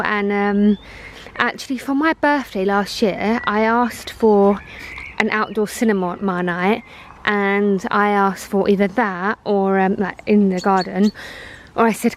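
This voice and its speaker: A young woman, chatting casually in a vlog, gushing and excitable at times, quieter and subdued at others. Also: mid-range voice, a little hiss or hum, rough recording. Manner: gushing, breathy and excitable, then hushed and subdued. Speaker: vlogger.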